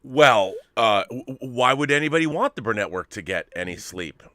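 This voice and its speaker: A man's voice: mid-range voice, animated, normal speed, fairly bright tone, dry recording, clean studio sound. An American man co-hosting a casual show, talking with enthusiasm and jumping into jokey asides. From United States. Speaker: co-host. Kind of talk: casual chat. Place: home studio in Hollywood.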